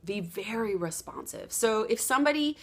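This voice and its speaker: A woman giving a motivational sales training talk, acting out quoted dialogue with lively energy. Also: medium pitch, moderate pace, vocal fry, noisy background. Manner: animated, acts out quoted dialogue. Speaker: sales coach.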